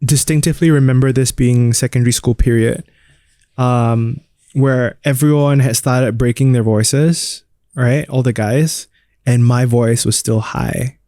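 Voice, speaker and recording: A man in his thirties from Singapore speaks in an open, reflective way as an interview guest, often poking fun at himself. His voice sits at an ordinary pitch for a man. The recording is dry and close, with little room sound. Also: fairly even intonation, measured pace, warm tone, no echo. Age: 30s. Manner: open, reflective, self-deprecating. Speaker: radio DJ and guest. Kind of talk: candid interview conversation.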